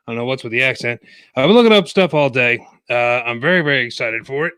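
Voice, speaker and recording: A man's voice: mid-range voice, animated, brisk, bright, forceful tone, smooth, no room sound. A man hosting a live wrestling watch-along podcast, rambling casually and joking, a bit out of breath. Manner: rambling, jokey, with frequent fillers and restarts. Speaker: podcast host.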